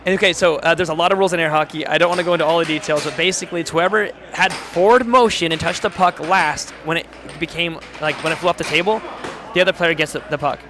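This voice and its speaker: Male live-stream commentator, high, hoarse, chatty, noisy venue. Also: fast talker. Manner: excitable, chatty, reads chat aloud. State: voice going hoarse. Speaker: air hockey commentator and streamer. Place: tournament hall.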